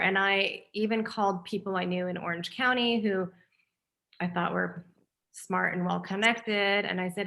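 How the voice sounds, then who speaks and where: A woman film director on a panel, telling a story with lively acted-out dialogue. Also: medium pitch, moderate pace, creaky.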